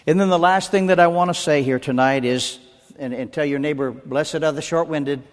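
A man preaches with emphatic, rhythmic call-and-response, his voice sitting a little high for a man. The sound carries the long reverb of a church hall around him. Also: fairly quick. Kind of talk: sermon with closing prayer.

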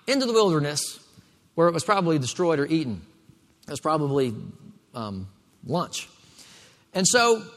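A man's voice: high-pitched, fairly bright tone. Man preaching in a reverberant hall. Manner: preaching with call-and-response to the congregation. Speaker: pastor. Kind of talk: sermon.

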